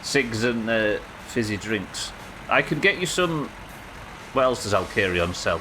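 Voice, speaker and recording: A man's voice: on the low side, animated, measured pace, background noise. A man chatting casually and joking while he plays a game on a live stream. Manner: chatty, joking, swears freely. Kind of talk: casual gameplay commentary.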